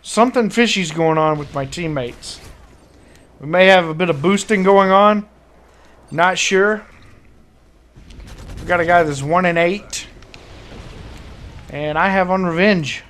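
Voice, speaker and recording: A man's voice: high-pitched, a little slow, pauses often, fairly bright tone. A man commentating his own online shooter match, talking to himself and swearing in frustrated outbursts. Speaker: gaming commentator. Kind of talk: live gameplay commentary.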